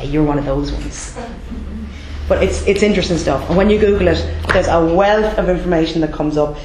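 Her voice sits low as this Irish woman runs a debt collection training session, with noise in the background and a roomy echo. She stresses her points emphatically and checks in with the class again and again by asking "okay?"

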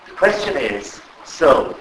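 Speaking slowly at a medium pitch, an animated male trainer gives a live workshop talk and keeps asking his audience questions. The training room is echoey with faint ambience, he is far from the mic, and the background is noisy.

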